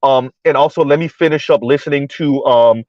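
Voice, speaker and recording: A man's voice: mid-range voice, brisk, darkish tone, no echo. A man hosting a casual livestream, talking through social topics and reading chat messages aloud, repeating words as he goes. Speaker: livestream host. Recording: dull lo-fi livestream audio.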